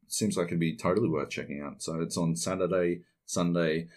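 A man's voice: deep voice, brisk. An Australian man hosting a podcast alone, rambling casually and swearing freely. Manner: rambling, heavy swearing, animated. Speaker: podcast host. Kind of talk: casual solo podcast monologue.

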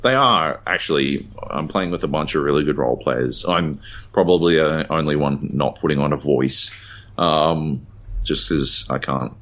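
A man with an extremely deep, low-pitched voice chats casually on a podcast. He rambles through his stories, piling up fillers and dropping casual swears as he goes. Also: moderate pace, fairly bright tone. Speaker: podcast co-host. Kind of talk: casual chat.

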